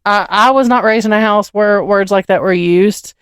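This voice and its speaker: A woman's voice: medium pitch, moderate pace, clean tone, no echo, clean studio sound. A woman, co-hosting a casual podcast and telling family stories with acted-out dialogue. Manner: animated storyteller, acts out dialogue; swears casually. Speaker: podcast co-host. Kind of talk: casual chat.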